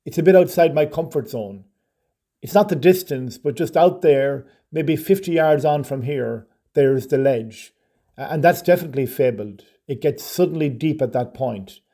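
A man's voice: fairly high pitch, normal speed, warm tone. A man voicing a wary local man who swims the lake, with an easygoing, slightly nervous manner.

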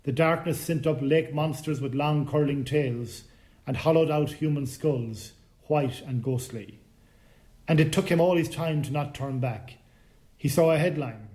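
A man narrating a short story in a calm, measured reading voice. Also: a little high. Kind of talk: scripted narration.

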